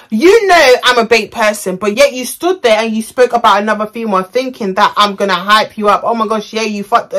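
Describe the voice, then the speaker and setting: A woman's voice: a little high, a bit bright. A young woman telling a story on her vlog in a chatty, slangy, rambling way. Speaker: vlogger.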